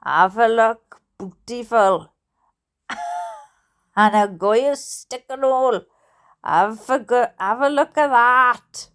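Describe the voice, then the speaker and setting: A woman's voice: on the high side, sing-song, very slow, pauses often, fairly bright tone, full character voice. A woman voicing a boastful young man showing off his car, in a put-on Hampshire accent and clipped, cheerful bragging.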